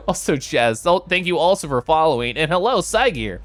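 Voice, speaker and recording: A man streaming a video game, chatting casually and excitedly while reading chat aloud and giggling. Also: a little high, normal speed, few pauses.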